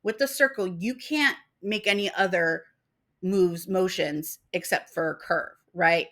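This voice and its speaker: A woman's voice: fairly low pitch, unhurried, fairly bright tone. A young woman ranting casually to camera about spiritual ideas, getting worked up, swearing often and acting out other people's voices. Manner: fired-up, swears a lot, acts out voices. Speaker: spiritual vlogger.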